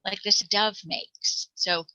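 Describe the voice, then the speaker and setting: American woman teacher, slow and patient, very bright tone, dry close sound. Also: medium pitch, fairly even intonation, dry recording, rough recording. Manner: patient, demonstrates sounds aloud. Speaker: reading teacher. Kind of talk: explaining letter sounds to parents.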